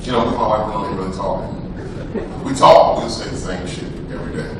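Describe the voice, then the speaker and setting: A man's voice: sits low, quick pace, recorded from a distance. A man doing a stand-up comedy set, telling loose, profane stories in a conversational way. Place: live comedy club with audience. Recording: roomy live recording, crowd noise. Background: audience laughter.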